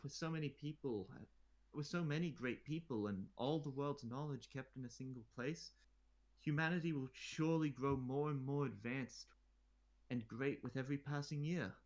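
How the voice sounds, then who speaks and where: A man's voice: medium pitch, normal speed, darkish tone, voice pushed up, lightly acted. Man putting on a bored, haughty woman ruler. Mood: lofty.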